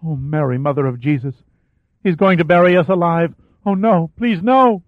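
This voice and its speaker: A man performing a young woman trapped and buried alive, her cries climbing high and shrill. The audiobook read is dry and close, squeezed through a narrow, phone-like band. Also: moderate pace, dry recording, natural voice. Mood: desperate pleading. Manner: frantic, high-pitched pleading. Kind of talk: audiobook character voice. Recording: dry, tinny phone-like sound.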